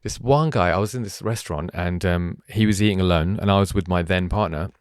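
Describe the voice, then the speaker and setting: A man's voice: low-pitched, a little fast, clean tone, no room sound, studio quality. A man hosting a casual podcast conversation. He tells stories animatedly and drifts into tangents. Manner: animated, tangent-prone storytelling. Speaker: podcast host.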